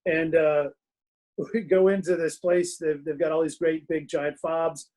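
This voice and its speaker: A man's voice: fairly high pitch, level tone, measured pace, darkish tone, rough recording. A middle-aged man in a casual interview as a guest author, telling self-mocking stories from his home den and laughing through them.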